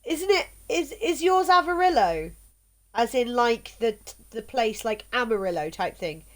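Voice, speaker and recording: A woman streaming a video game, chatting casually with viewers in a halting way, tripping over words. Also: on the high side.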